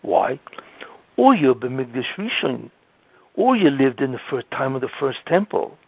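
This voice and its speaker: In an unhurried, creaky, medium-pitched voice, a rabbi leads a weekly Torah class, explaining things step by step. He checks in with "okay?" and "right?", asks rhetorical questions, and speaks with animated emphasis, all on a dull, dry lo-fi recording.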